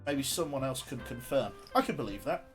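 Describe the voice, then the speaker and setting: A man's voice: medium pitch, lively intonation, fairly quick, music in the background. A man giving casual, jokey commentary while streaming a game, chatting with viewers and swearing now and then.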